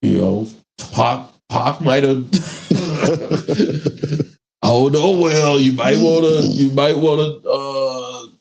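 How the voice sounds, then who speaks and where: A man with a gravelly, mid-range voice hosts a live podcast, telling animated stories at a slow pace in casual, profane slang. The room is echoey, with a faint noise in the background.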